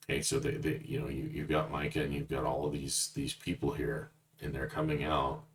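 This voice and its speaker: Super deep gravelly guy going through a bible chapter, blunt and chatty, mic kinda far off. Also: little pitch movement, fairly quick, few pauses. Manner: blunt, conversational. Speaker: Bible teacher. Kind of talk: verse-by-verse Bible commentary. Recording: distant mic with faint noise.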